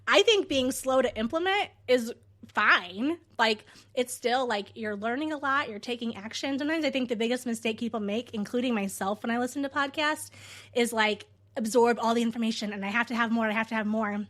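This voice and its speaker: Woman podcast co-host, slightly high voice, upbeat, encouraging, casual chat. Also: brisk, fairly bright tone.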